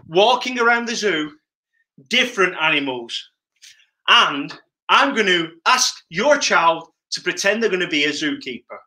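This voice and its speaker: A man leading a live online PE lesson for children, energetic and playful, calling out instructions. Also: high-pitched. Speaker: PE coach. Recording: roomy echo.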